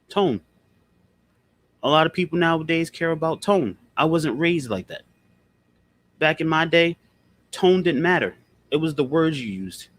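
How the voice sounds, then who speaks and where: A man's voice: a little high, animated, measured pace, pauses often, fairly bright tone. A man in casual conversation, blunt and profane, who repeats his points for emphasis. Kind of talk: casual chat.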